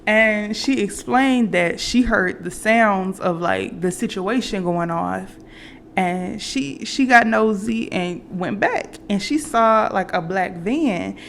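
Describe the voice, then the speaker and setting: A woman's voice: medium pitch, slow, gravelly, a bit bright, slight background noise. A woman vlogger casually retelling a movie plot, rambling with fillers and restarts. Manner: acts out quoted characters.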